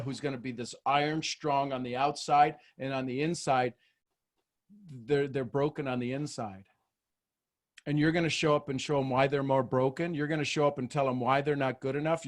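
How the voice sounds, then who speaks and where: A man hosting a leadership video call, joking, animated and preacher-like. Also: medium pitch. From Texas, USA. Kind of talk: motivational talk on a group call.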